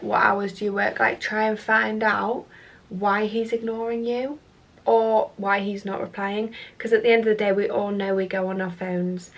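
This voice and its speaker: A young woman from England chats casually with her viewers, answering their questions about work and dating. She is candid and sassy, swears freely and calls the listener sis, and her voice sits at a middle pitch. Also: fairly bright tone. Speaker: beauty business owner and vlogger.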